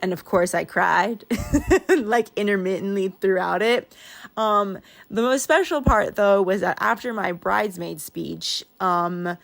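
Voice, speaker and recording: A woman's voice: mid-range voice, unhurried, creaky. A young woman chatting casually over her planner pages, rambling and laughing often with a wheeze. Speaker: planner vlogger.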